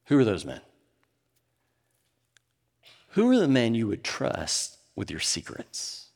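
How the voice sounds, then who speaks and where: Lively man preaching in a hall. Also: medium pitch, moderate pace, gravelly. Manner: swings from animated to hushed. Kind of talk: sermon. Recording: long hall reverb.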